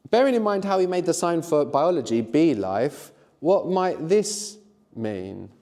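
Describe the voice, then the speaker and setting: A middle-aged man teaching a live workshop, encouraging the learners and often checking in with a quick "no?". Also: fairly high pitch, big pitch swings, dark tone, in a large hall. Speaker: language teacher.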